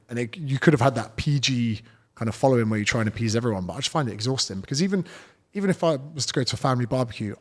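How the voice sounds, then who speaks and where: A man in a relaxed podcast conversation, telling stories in a blunt, swearing way. His voice sits at an ordinary pitch for a man. He talks as a fitness coach chatting with a host. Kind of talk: casual podcast chat.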